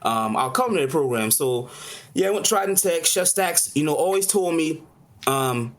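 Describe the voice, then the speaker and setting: A man's voice: on the high side, fairly quick. Rambling chef in his forties. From Charleston, South Carolina. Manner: rambling, lively, lots of "you know". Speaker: chef, interview guest. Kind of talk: casual interview storytelling.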